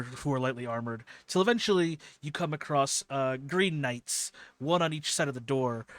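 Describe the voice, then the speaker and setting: A man's voice: mid-range voice, a bit bright, no echo. A man running a tabletop role-playing game, describing the scene in detail with many fillers and restarts. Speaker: game master.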